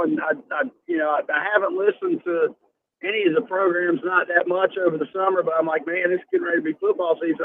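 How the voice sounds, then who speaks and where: A man in his forties calling into a radio show from his car on the highway, friendly and rambling. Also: creaky. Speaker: caller. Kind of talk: casual phone call. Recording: tinny phone line with road noise.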